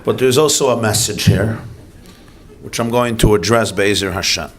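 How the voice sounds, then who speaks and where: A man's voice: fairly low pitch, normal speed. A man giving a sermon as a rabbi, telling a joke and acting out its characters in a storytelling manner. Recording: echoey hall, speaker far from mic, noisy.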